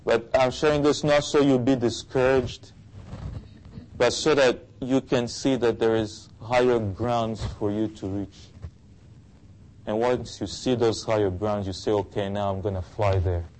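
A man's voice: fairly low pitch, fairly even intonation, unhurried, a little mellow, low-quality recording. A male pastor preaching an earnest sermon and leading fervent prayer.

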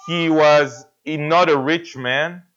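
A man's voice: fairly high pitch, steady tone, takes it slowly, a bit bright. Earnest preacher man, muffled sound. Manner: earnest, asks the congregation repeated questions. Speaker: pastor. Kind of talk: sermon.

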